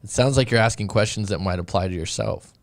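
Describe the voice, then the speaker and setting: A man with a somewhat low voice talks loosely through viewer questions as a dating coach on a live stream. He rambles, restarts his sentences and drifts into side stories, keeping a relaxed, chatty flow. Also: quick pace, gravelly. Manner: rambling, with many restarts and asides. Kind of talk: casual live-stream chat reading viewer comments.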